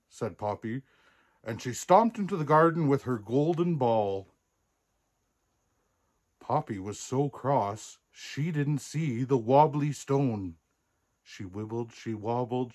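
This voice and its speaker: An older man playing Santa, reading a children's storybook aloud in an unhurried, chuckling way. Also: mid-range voice, lively intonation, darkish tone.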